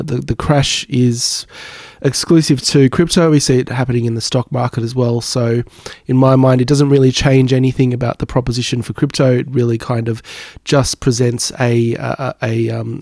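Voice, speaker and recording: A man with a croaky voice from recent illness, talking casually about markets as a channel host, hesitant with many fillers and restarts. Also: mid-range voice, darkish tone, no room sound, studio quality. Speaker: crypto YouTuber.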